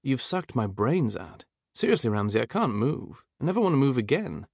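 A man's voice: mid-range voice, big pitch swings, normal speed, creaky, darkish tone, husky, no room sound, clean studio sound, voice pushed up, heavily acted. A man doing a playful, drowsy young man. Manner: playful, lightly commanding.

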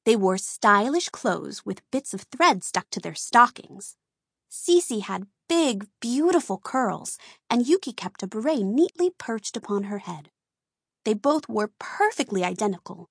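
A woman reading a children's storybook aloud, slow and expressive. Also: medium pitch, creaky, breathy edge, no echo, studio quality. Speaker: narrator.

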